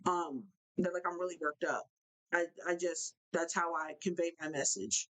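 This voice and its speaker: A young woman hosting a live basketball talk show, ranting in an animated way and repeating herself for emphasis. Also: fairly low pitch, moderate pace, low-quality recording. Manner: animated, repetitive, fired-up ranting. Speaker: show host.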